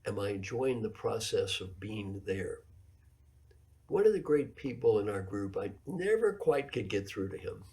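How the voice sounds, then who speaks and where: A man's voice: fairly low pitch, big pitch swings, measured pace, a little mellow. A man in his seventies, an executive coach giving a keynote lecture, telling stories and repeating his key points for emphasis. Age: 70s.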